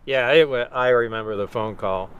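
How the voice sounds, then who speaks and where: A man in casual conversation, relaxed and agreeable. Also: medium pitch, moderate pace, clean tone, muffled recording. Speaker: guest.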